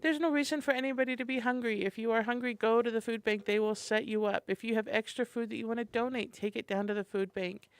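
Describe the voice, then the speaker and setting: A woman's voice: fairly high pitch, steady tone, fast talker, few pauses, clear, resonant tone, no room sound. A woman co-hosting a morning radio show, cheerfully running through a list of community events. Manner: chatty and enthusiastic, reading a calendar. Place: radio studio. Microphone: studio microphone.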